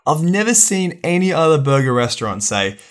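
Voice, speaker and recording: A man's voice: a little high, big pitch swings, brisk. A young man co-hosting a podcast, chatting casually and laughing often. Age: young adult. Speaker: podcast co-host. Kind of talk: casual chat.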